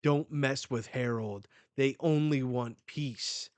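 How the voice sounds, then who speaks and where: Desperate pirate captain barking orders, slow, dry, guy reading it. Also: medium pitch, darkish tone, no echo, natural voice. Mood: urgent.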